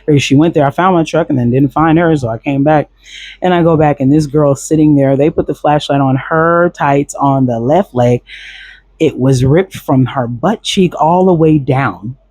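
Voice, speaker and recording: Husky man, casual profane storyteller, dry close sound, quotes people as he goes. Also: a little high, normal speed, no room sound. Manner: blunt, profane, animated retelling with quoted voices.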